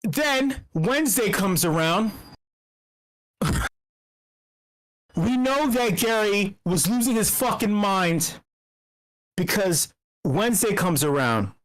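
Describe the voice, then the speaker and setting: A woman talking in a casual livestream, telling a story in a profane, excitable way, her pitch jumping when she gets worked up. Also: takes it slowly, long pauses.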